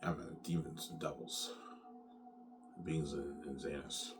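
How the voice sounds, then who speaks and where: A man's voice: rumbling low, flat delivery, unhurried, distant mic, over music. A man rambling casually to his viewers, repeating himself and tossing in "man" and "yeah". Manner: repetitive, keeps saying "man" and "yeah".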